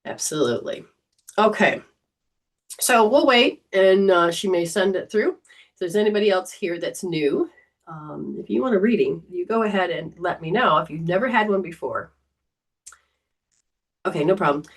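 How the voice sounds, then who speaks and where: A woman's voice: fairly low pitch, lively intonation, moderate pace, far from the mic. A woman hosting a casual livestream as a psychic reader, talking in a chatty, rambling way. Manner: chatty, rambling, warm storytelling.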